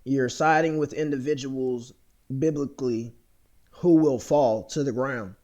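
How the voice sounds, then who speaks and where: A man's voice: medium pitch, measured pace, darkish tone. An American man vlogging in a rambling, profane monologue, full of fillers and restarts. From United States.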